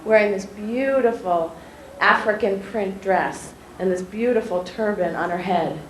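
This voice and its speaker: A woman journalist telling schoolchildren a personal story in an animated way, often asking them questions directly. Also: mid-range voice, unhurried. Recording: echoey room, faint ambient noise.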